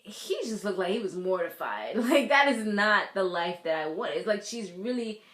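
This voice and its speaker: A woman recapping a TV episode in casual chat, animated, laughing often and acting out the characters' lines. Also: mid-range voice, moderate pace, reverberant. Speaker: TV recap vlogger. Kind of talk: casual recap with acted-out quotes.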